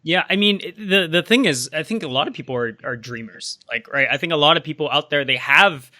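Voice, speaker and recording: A man hosts the interview and asks reflective questions, often hedging with "like" and "you know". His voice is very bright and sharp, pitched a touch above the usual for a man. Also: expressive, brisk. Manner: thoughtful, hedging with fillers. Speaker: interview host.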